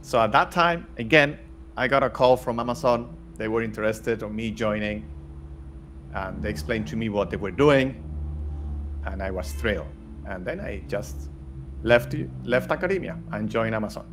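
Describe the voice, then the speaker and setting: A man's voice: lowish voice, normal speed, background noise. A middle-aged man from Spain, talking bluntly as an interview guest with many restarts. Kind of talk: casual interview talk.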